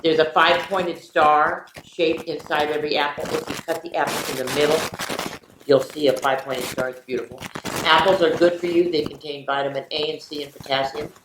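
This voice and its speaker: An older woman, a retired teacher, reading picture books aloud to children in an animated way, with playful sound effects and chatty asides. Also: deep voice, fairly quick. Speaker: children's story reader. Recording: echoey room with faint noise.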